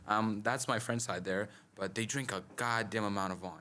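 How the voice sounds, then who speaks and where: A man's voice: on the low side, fairly even intonation, moderate pace, sharp tone. A man on a panel podcast, a guidance counselor, telling casual anecdotes with lots of "like". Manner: casual, anecdotal, many "like" fillers.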